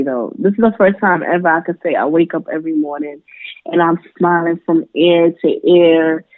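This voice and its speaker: A woman's voice: lowish voice, no echo. Young woman, makeup artist guest, chatty and filler-heavy, on a dry phone-like line. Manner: chatty, many fillers, lively quoted voices. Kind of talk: casual interview chat. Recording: dry tinny phone-like sound.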